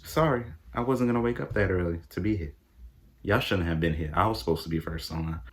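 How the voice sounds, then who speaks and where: A young man tells a casual vlog story and acts out his own reactions, jumping into high-pitched exclamations. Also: fairly quick. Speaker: vlogger.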